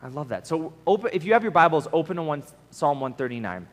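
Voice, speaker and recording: A man's voice: on the high side, big pitch swings, fast. A young man giving a casual, conversational sermon at a camp, earnest and often checking in with the room. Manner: earnest, acts out prayers in quoted voices, asks the room "right?". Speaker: camp speaker. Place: large meeting hall at a camp. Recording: long hall reverb.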